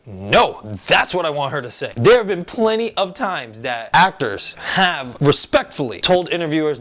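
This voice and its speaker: A young man hosts a casual review vlog in a voice pitched a little high for a man. He talks in an excitable, animated way and acts out lines as he goes. The tone is loose and chatty. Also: moderate pace, hardly any pauses. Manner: animated and excitable, acting out quotes. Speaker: host reviewing a TV episode.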